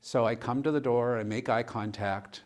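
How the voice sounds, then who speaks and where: A man's voice: medium pitch, fairly even intonation, normal speed. Conversational man telling a story. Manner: conversational, retells dialogue with "and she goes". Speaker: pastor. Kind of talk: personal storytelling in a panel discussion. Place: church.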